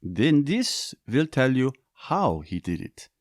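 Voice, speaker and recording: A man's voice: mid-range voice, takes it slowly, no room sound, clean studio sound, voice pushed up. A man voicing an eager, slightly defensive young inventor in a story reading. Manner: excited, a bit defensive. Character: bookish young inventor, eager and mildly testy.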